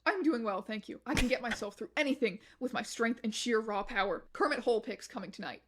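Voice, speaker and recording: A woman streamer reading blog posts aloud on a stream in a steady, matter-of-fact way. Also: on the high side, brisk.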